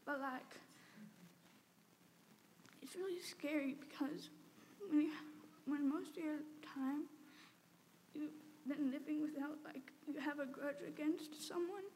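Teen girl, high and gravelly, hesitant tearful testimony, reverberant space with faint noise behind. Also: a little mellow. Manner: halting and tearful, filled with "like" and "um". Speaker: speaker giving a personal testimony. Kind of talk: emotional personal testimony.

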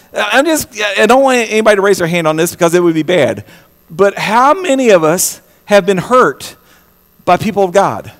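Impassioned preacher man in a reverberant hall. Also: high-pitched. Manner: impassioned, repeats words, swings from loud to hushed. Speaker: pastor. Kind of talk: sermon.

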